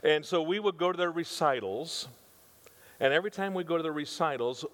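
A man's voice: a little high, expressive, a little fast, a bit bright. An older man preaching a conversational sermon, with emphatic repetition and rhetorical questions to his congregation. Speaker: pastor. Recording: reverberant hall sound.

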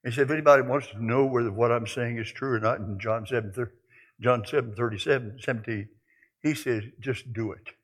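An older man preaching a sermon, telling folksy stories and moving between quiet musing and loud exclaiming. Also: mid-range voice, steady tone, fairly quick. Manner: folksy storytelling.

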